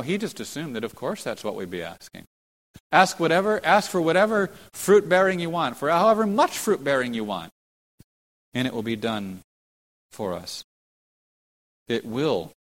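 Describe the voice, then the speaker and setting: Earnest male preacher in a reverberant hall. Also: mid-range voice. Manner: earnest, rhetorical questions, self-correcting restarts. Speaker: pastor. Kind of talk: expository sermon.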